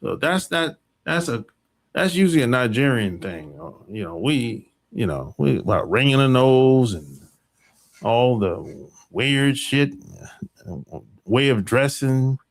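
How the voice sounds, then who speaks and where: A man's voice: mid-range voice, very animated, slow pace. An American man hosting a podcast, talking in a rambling, emphatic opinion monologue full of profanity. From United States. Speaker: podcast host.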